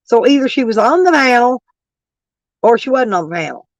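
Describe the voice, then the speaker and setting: A woman livestreamer, brash and profane, reads her chat and fights with it in a casual rant, her voice pulled lower and rough by allergies. It's a bit high with big pitch swings at normal speed, recorded with no room sound but dull audio.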